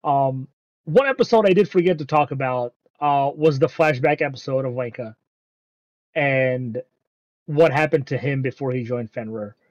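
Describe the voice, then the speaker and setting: A man's voice: medium pitch, normal speed, darkish tone, no echo, highs cut off. A man casually recapping an anime episode, rambling with frequent ums and casual swearing.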